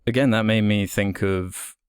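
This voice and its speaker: Deep-voiced man talking films, hesitant. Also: steady tone, smooth, dry recording, clean studio sound. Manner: measured, hesitant, many fillers. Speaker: podcast co-host. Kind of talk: casual film discussion.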